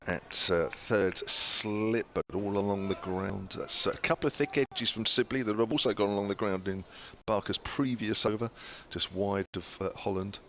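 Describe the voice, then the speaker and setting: Low-voiced guy doing laid-back cricket commentary, lots of uhs, faint ground noise behind. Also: normal speed, hardly any pauses. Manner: relaxed, chatty, frequent "uh" fillers. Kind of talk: ball-by-ball radio commentary.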